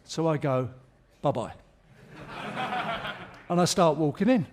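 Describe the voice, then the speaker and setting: On a theatre stage, a middle-aged man being interviewed live spins chatty, joking anecdotes punctuated by chuckles. His voice sits high and sounds sing-song and slow, with a noisy background behind him.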